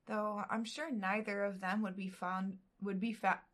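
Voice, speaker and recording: A woman's voice: mid-range voice, flat delivery, unhurried. A woman co-hosting a casual podcast, reading a novel aloud and breaking off into joking asides.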